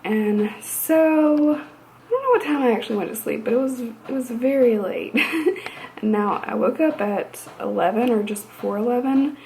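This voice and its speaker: A woman's voice: a little high, normal speed, dark tone, a little hiss or hum. A tired woman vlogging at home in casual chat, rambling, laughing often and dropping to near-whispers.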